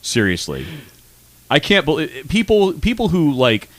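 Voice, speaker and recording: A man's voice: fairly high pitch, measured pace, dry recording. A man co-hosting a radio comedy show in a studio, rambling through casual banter and filling his sentences with "uh". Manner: animated and rambling, with frequent fillers.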